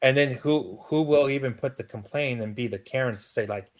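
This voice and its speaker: A man's voice: medium pitch, fairly quick. A man in casual podcast chat, teasing the others and often restarting his sentences.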